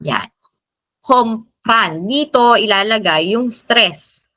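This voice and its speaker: A Filipino woman teaching a recorded lesson, explaining slowly and repeating key terms. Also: fairly high pitch, lively intonation, pushed and bright. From Philippines. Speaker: Spanish teacher. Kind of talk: recorded lecture in Taglish.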